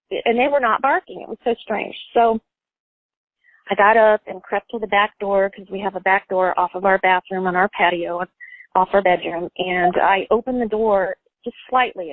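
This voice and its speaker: A woman's voice: mid-range voice, no room sound. A woman caller telling a personal story in a rambling way, full of fillers and "like". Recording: tinny phone line, dry.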